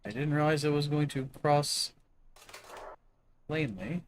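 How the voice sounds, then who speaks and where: A man's voice: fairly high pitch, unhurried, slight background noise. An American man hosting a game stream, chatting casually, laughing often and exclaiming when startled. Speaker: streamer host. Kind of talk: casual gameplay commentary.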